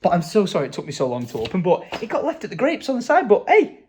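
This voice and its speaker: A man, chatting casually at home in a vlog, excitable and quick to jump up in pitch when delighted. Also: a little hiss or hum. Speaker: vlogger. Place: at home, indoors.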